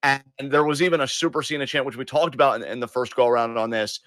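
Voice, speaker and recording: Man, podcast co-host, rambling casual talk, dry close sound, mid pitch. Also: steady tone, quick pace, a bit bright, no room sound. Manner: rambling, self-correcting, chatty. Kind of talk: casual chat.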